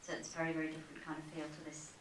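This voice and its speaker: Woman author, low flat voice, stops and corrects herself, echoey far mic. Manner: halting, self-correcting. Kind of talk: festival Q&A answer. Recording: roomy cinema from far off, faint hiss.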